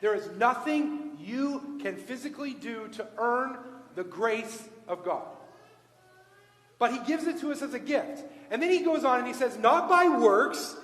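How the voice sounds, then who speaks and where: Guy preaching a sermon, high voice, big roomy church echo, quizzes the crowd. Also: expressive, a little slow. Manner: swings from loud emphatic points to quiet hushed asides; asks the congregation rhetorical questions. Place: church sanctuary. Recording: echoey church hall, long reverb.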